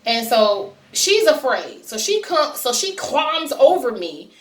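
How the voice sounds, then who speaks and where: A woman's voice: sits high, big pitch swings, slow. A woman vlogger casually telling a personal story to her viewers, chatty and direct with plenty of fillers. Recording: roomy sound, distant from mic.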